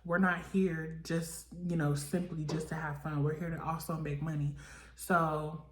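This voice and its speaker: A woman's voice: sits low, level tone, unhurried, a little hiss or hum. A young woman giving a casual reality-show recap, chatty and full of fillers, acting out the cast's lines as she goes. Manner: chatty, filler-heavy, voices the cast in quotes. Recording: echoey room.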